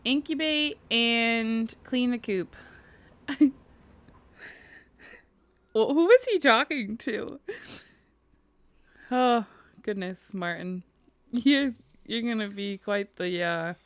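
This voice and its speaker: A woman's voice: a little high, lively intonation, very slow, pauses often, no room sound. A woman casually commenting on her life-sim game as she plays, chatty and giggly, talking to her game characters. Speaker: gaming video host. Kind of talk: casual let's-play commentary.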